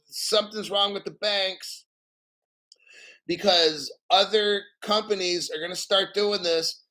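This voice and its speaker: A man's voice: sits high, sharp tone. A man giving casual live commentary on the news, blunt and profane, a little out of breath. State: slightly out of breath.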